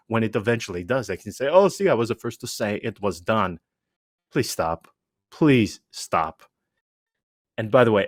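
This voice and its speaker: A man hosting a casual podcast chat, animated and rambling, full of asides and restarts. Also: lowish voice, dry recording, clean studio sound. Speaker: podcast host.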